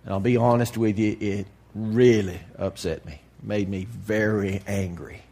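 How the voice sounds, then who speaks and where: A man preaching to a congregation in a candid, folksy way, dropping to a hush and then rising to loud emphasis. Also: fairly low pitch, fairly even intonation, unhurried, gravelly. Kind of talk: sermon.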